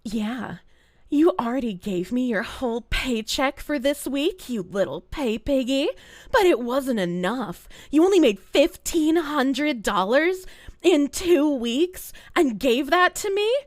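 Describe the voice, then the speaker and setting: A woman's voice: sits high, animated, takes it slowly, no room sound, studio quality. Woman putting on a sneering domme streamer. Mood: taunting. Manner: condescending, taunting. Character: domineering woman streamer, cruel and mocking.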